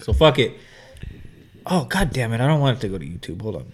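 A man's voice: medium pitch, very animated, fast, a little hiss or hum. A tipsy man hosting a podcast, talking loosely with swearing in casual chat. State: tipsy from drinking. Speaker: podcast host.

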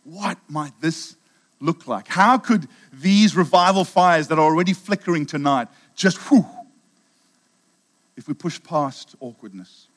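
A man's voice: on the high side, measured pace. A middle-aged man with a South African accent, preaching a sermon in a chatty storytelling way with many restarts. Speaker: pastor.

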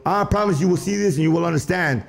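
Rambling animated man, higher voice. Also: fast talker, gravelly. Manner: animated, rambling, drifts into rhymes and Spanish asides. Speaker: interview guest. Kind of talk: rambling street interview.

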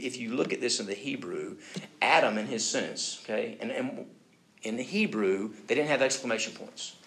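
A man's voice: medium pitch, gravelly, fairly bright tone. A man preaching a sermon. He talks conversationally, often checks in with the listeners, and acts out the voices of people he quotes. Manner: conversational, asks listeners questions. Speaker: pastor.

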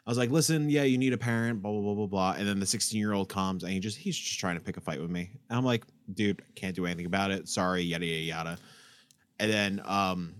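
Laid-back, lower-voiced man, swearing. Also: fast talker, clear, resonant tone, no room sound. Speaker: podcast co-host, former game store worker. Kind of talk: casual chat, storytelling.

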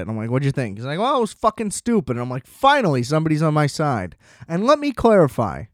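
A young man hosts a solo podcast and rants in a loose, profane, sarcastic way. His voice sits a little high for a man. The sound is dry and close, with no room echo. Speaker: podcast host. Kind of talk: casual solo rant.

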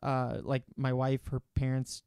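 A man's voice: medium pitch, completely flat delivery, measured pace, darkish tone, clean tone, no room sound, studio quality. A young man and student in casual chat with a friend, rambling and swearing casually.

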